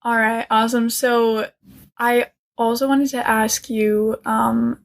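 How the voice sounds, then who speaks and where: A woman's voice: on the high side, flat delivery, takes it slowly, vocal fry. A woman hosting a faith podcast, chatting casually and using "like" often. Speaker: podcast host.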